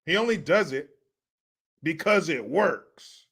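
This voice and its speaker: A man's voice: on the high side, expressive, slow, fairly bright tone, husky. A man hosting a profane political commentary rant, mocking and laughing often. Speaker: show host.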